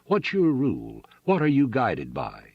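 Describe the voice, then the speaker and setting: A man voicing a ruined, desperate farmer who pleads and shouts in disbelief. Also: medium pitch, sing-song, unhurried, breathy edge, narrow, tinny audio, voice pushed up, full character voice. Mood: sarcastic.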